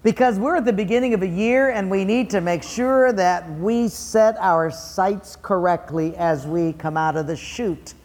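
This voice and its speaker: A man's voice: high voice, a little slow, hardly any pauses, darkish tone, in a large hall. A man preaching a sermon to his congregation, conversational and playful as he leads them. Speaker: pastor.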